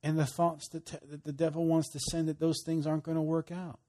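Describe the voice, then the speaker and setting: A man preaching a sermon, emphatic, moving between loud bursts and hushed, quiet lines. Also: a little high, flat delivery, fairly quick. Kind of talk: sermon teaching.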